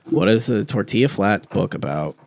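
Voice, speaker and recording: Lively guy on a podcast. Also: fairly low pitch, normal speed, gravelly. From Rhode Island. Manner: playful, teasing, mock-storytelling. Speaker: podcast co-host. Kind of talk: casual chat.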